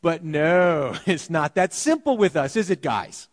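A male pastor giving a sermon, talking casually and animatedly, often dropping to a hushed voice. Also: fairly high pitch, a little slow, in a large hall. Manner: animated, conversational preaching with sudden quiet drops. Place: church sanctuary.

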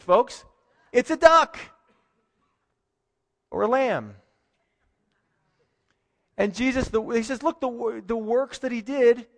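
A man preaches a sermon in a high, ringing voice, talking to his congregation conversationally and with emphasis. He often asks questions of his listeners. His voice trails off into the long reverb of a large hall. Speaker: pastor.

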